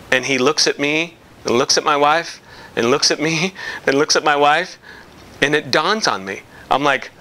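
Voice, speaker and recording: A man's voice: mid-range voice, normal speed, pushed and bright. A man giving a casual, rambling video message to his company's past clients, with many fillers and restarts.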